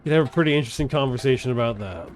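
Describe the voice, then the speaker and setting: Racing through his words with lively intonation, this male streamer talks casually while gaming on stream, swearing freely, wandering off track and reversing himself mid-sentence. His voice is mid-range, and heavy background noise sits under it.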